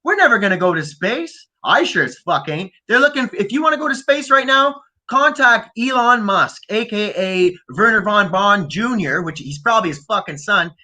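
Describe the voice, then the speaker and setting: Man from Canada, high-pitched, very bright tone, animated conspiracy-talk co-host. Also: moderate pace, few pauses. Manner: animated, swearing, mock accents. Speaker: podcast co-host. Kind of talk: casual conspiracy chat.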